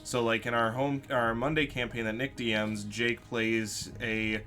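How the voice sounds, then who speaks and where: Bright-sounding guy rambling about running his campaign, faint music behind. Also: mid-range voice, level tone, measured pace. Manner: explanatory, talks things through at length. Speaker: podcast host and dungeon master. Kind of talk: casual chat about role-playing.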